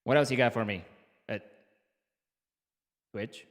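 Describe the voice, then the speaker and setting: A man's voice: mid-range voice, slow pace. Rambling streamer man in a reverberant room. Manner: rambling, stammering restarts. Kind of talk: casual live-stream chat.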